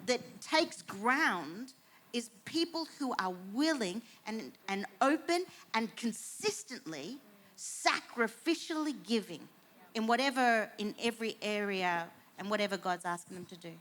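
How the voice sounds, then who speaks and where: A woman's voice: on the high side, expressive, unhurried, fairly bright tone. A woman speaking earnestly and passionately on a panel. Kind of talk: panel discussion talk.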